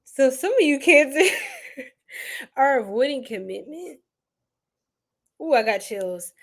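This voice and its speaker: A bubbly woman reading tarot on a live stream, her voice sitting a little high. She takes her time, drawing words out at an unhurried pace, and breaks into giggles between slangy asides to her chat. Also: expressive. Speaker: tarot reader.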